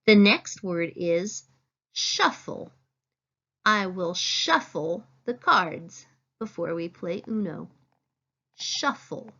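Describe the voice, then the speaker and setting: A woman teacher giving a phonics lesson, saying each word slowly and clearly and stressing it. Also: lowish voice, bright, forceful tone, muffled recording. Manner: slow, clear teacherly dictation, stressing words.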